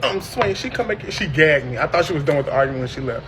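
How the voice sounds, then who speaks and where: Animated, profane man telling a story. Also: rapid-fire, background noise. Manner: animated, profane, bursts into high shrieking impressions. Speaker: podcast host. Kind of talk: casual storytelling chat.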